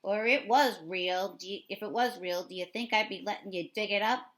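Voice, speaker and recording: A woman's voice: medium pitch, normal speed, fairly bright tone, lightly acted. A woman voicing a cranky old man who hates children, sneering in a Philadelphia accent. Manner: mean, sneering.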